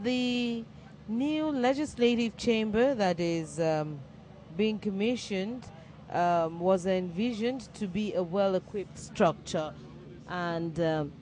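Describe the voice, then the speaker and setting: A man reporting for a news segment, measured and full of fillers. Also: sits high, darkish tone, a little hiss or hum, rough recording.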